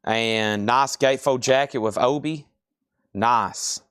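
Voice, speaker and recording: A man runs a live online record sale, calling out prices and buyers in a brisk, chatty patter. His voice sits at an ordinary middle pitch. The sound is dry and close, with no room echo. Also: fairly bright tone, smooth.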